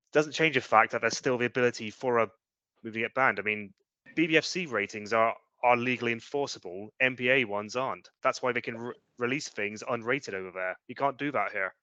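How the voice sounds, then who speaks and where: A man's voice: medium pitch, a little fast, sharp tone, dry recording, dull audio. A British man co-hosting a casual chat show, ranting in an opinionated way with British slang. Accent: British English. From Britain. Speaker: podcast co-host.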